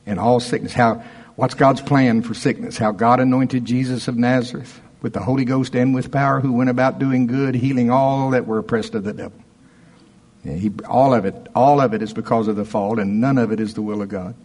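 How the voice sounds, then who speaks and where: Husky-voiced man preaching a sermon. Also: medium pitch, steady tone, brisk, a little mellow. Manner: emphatic, conversational preaching with rising punches. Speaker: pastor.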